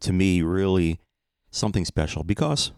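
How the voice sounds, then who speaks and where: Middle-aged male podcast host, deep voice, dry close sound, loose joking monologue. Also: animated, moderate pace, darkish tone, dry recording. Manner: rambling, playful, self-mocking. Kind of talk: casual solo podcast monologue.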